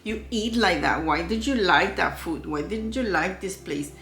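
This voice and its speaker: A woman's voice: lowish voice, normal speed, fairly bright tone. A woman acting as a sneering, belittling partner. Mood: scornful. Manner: mocking, nagging questions. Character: contemptuous, belittling adult partner. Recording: echoey room with faint music.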